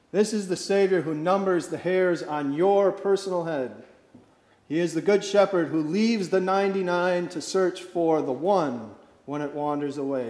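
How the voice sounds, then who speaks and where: A pastor delivering a sermon, slow and emphatic, dropping to soft, quiet phrases for effect. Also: male voice, on the high side, reverberant, in a large hall. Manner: slow emphatic preaching with dramatic drops in volume.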